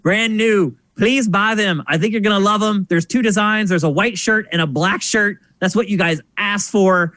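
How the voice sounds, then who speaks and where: A man's voice: high voice, moderate pace, hardly any pauses, no echo, clean studio sound. A man hosting a casual podcast, telling stories and doing voices for the people in them. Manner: animated storyteller, acts out voices. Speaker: podcast host.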